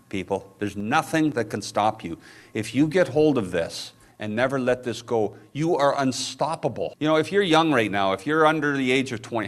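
A man preaching a sermon to his congregation, impassioned, climbing to high emphatic peaks and dropping low and soft, with conversational asides to the people in front of him. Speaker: pastor.

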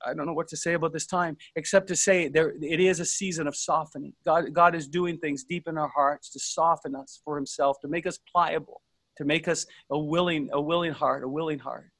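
A man's voice: on the high side, fairly even intonation, a bit bright, no room sound. A man preaching a sermon earnestly, stumbling over restarts as he tells stories to his congregation. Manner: earnest, halting, many restarts.

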